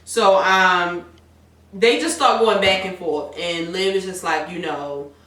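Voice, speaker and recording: A woman casually recapping a TV episode, animated and profane, acting out the characters' lines. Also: lowish voice, slow pace. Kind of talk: casual chat. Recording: echoey room, far from the mic.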